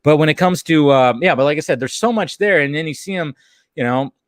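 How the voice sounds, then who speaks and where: A man hosting a podcast in casual chat, animated and laughing often as he talks. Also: fairly high pitch, a little fast, no room sound, studio quality. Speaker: podcast host.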